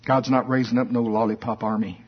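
A man preaching a folksy, animated sermon that rises to shouts at its peaks. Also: medium pitch, a little fast. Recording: dull lo-fi recording.

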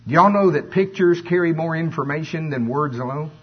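A man preaching a conversational sermon, telling stories in a folksy, animated way. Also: fairly high pitch, fairly quick, slightly rough. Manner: folksy, animated storytelling with voiced asides. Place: church. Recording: dull lo-fi church recording.

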